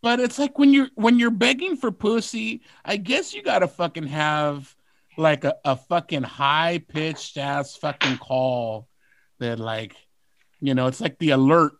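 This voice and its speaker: A man co-hosting a podcast, excitable and self-mocking, swearing constantly in casual banter. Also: fairly high pitch, measured pace, dry recording. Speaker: podcast co-host.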